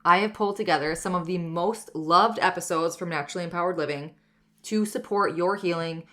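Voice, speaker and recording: A woman in her thirties hosts her own wellness podcast in a personal monologue, speaking candidly and reflectively and often saying "like" and "you know." Her voice is fairly low, brisk, and a bit bright.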